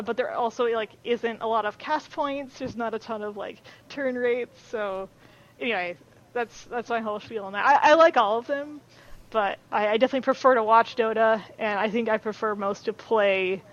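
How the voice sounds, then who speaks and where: A woman's voice: a little high, highs cut off. A woman chatting as a podcast guest, talking loosely with many fillers and restarts. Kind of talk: casual chat.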